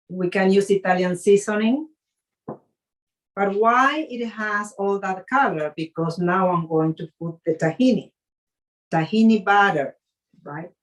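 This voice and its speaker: A woman chef leading a live cooking demonstration, speaking haltingly with fillers and restarts, an English speaker. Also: fairly low pitch, low-quality recording.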